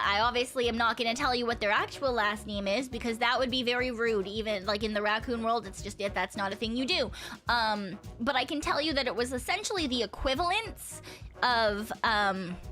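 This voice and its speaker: A woman's voice: a little high, sharp tone. Rambling young woman streamer. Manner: rambling, swearing, laughing often. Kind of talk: casual chat with viewers. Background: faint music.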